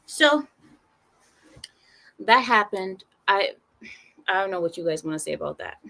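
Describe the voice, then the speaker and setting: A woman of Arab heritage giving casual news commentary, sarcastic and animated, with rambling restarts. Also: medium pitch, a little slow, vocal fry. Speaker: commentary channel host.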